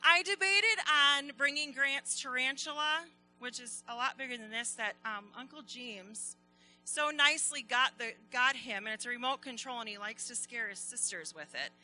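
Bright, high-voiced woman telling a children's story. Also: moderate pace, soft background music, low-quality recording. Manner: animated, addressing children.

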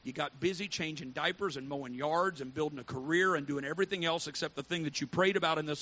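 A male pastor preaching a fervent sermon that swings from hushed to shouting. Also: on the high side, fast talker, few pauses. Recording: dull lo-fi with faint hiss.

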